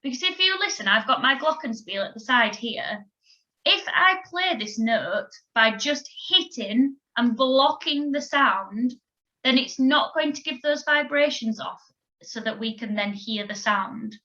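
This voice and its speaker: A woman teaching a recorded children's music lesson, giving clear, encouraging instructions and counting beats aloud. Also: on the high side, expressive, a little slow, pushed and bright, muffled recording. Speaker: primary school music teacher.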